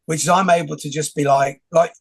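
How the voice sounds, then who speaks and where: A man's voice: fairly high pitch, steady tone, a little fast, gravelly. A man hosting a casual interview, rambling and joking with many restarts and film quotes. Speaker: host. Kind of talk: casual conversation.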